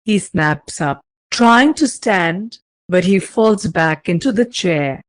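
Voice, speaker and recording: Woman story reader, unhurried and even, low pitch. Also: no echo. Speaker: story narrator. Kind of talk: reading fan fiction aloud.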